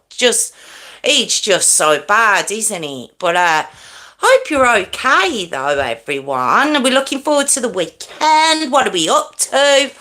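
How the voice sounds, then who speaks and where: A woman hosting a live stream from home, chatting excitedly with viewers and talking to herself as she adjusts her setup. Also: on the high side. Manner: excitable, chatty, talks to herself while fiddling with lights. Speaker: true crime live-stream host. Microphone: desk microphone.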